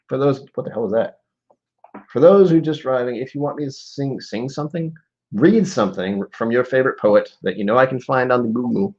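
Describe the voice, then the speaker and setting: A man's voice: mid-range voice, a little fast, a little mellow. A man chatting casually on a live stream and reading poetry aloud, rambling and muttering asides to himself. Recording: dull lo-fi stream audio.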